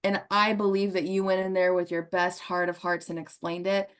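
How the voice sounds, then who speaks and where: A woman's voice: on the low side, level tone, moderate pace, smooth. A woman guest on a podcast, telling a story in an earnest, emotional way and often laughing as she talks.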